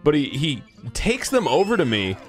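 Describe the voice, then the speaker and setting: A man's voice: fairly high pitch, wildly swooping pitch, normal speed. Regular guy cussing through a story, music faint in back. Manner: profane, incredulous storytelling. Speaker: co-host. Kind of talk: casual chat.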